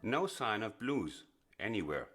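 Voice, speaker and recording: A man teaching blues piano in a chatty, explanatory way, often pausing with fillers and restarting phrases. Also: on the low side, very animated. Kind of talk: casual instructional explanation. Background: piano playing.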